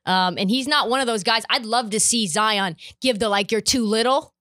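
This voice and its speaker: A woman's voice: mid-range voice, moderate pace, pushed and bright, no room sound, studio quality. A woman hosting a podcast interview, chatty and playful as she teases her guest. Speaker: podcast host. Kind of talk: casual interview chat.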